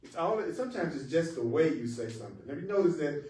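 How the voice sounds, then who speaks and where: A man's voice: on the high side, big pitch swings, fast, mellow. A man teaching spiritual lessons in a reflective manner, leaning on emphasis and stressing words to show their meaning. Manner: reflective, plays with emphasis, bursts into song. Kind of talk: spiritual talk with singing. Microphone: live-stream mic at a distance. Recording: echoey room, distant mic, faint music.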